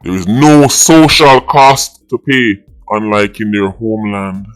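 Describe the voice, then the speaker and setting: A man's voice: fairly low pitch, slow pace, clean tone, soft background music. A man with a Jamaican accent hosting an opinionated commentary vlog, indignant and slipping between patois and English. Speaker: vlogger host.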